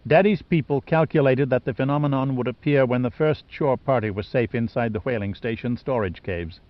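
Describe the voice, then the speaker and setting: An icy, scheming rich sister who talks with calm, mocking composure, read by a man in his own low-key voice. The recording is dry and a little dull, like lo-fi audio. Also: a little fast, dry recording, lightly acted. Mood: cold. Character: wealthy cold scheming woman, adult sister.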